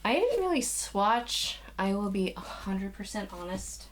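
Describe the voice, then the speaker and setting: A woman's voice: medium pitch, big pitch swings, measured pace, slight background noise. Rambling, slightly breathless woman at home. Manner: rambling, with frequent restarts and sighs. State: a little out of breath. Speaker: knitting podcast host. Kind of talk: casual chat to camera. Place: small spare room used as a craft nook. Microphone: camera, moving in and out of frame.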